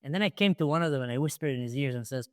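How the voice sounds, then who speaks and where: A man's voice: medium pitch, animated, very fast, a little mellow. A young adult man hosting a podcast, telling a story with animation and acting out scenes in casual conversation. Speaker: podcast host.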